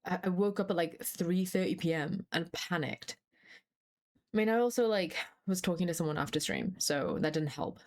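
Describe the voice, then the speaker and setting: A woman's voice: lowish voice, animated, normal speed. Chatty young woman streamer. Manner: chatty and scattered, swears freely, laughs often. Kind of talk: casual live-stream chat.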